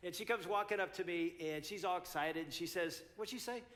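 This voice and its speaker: A man's voice: sits high, brisk, fairly bright tone. An older man in his sixties, a pastor speaking at a couples conference, telling a story animatedly and acting out both sides.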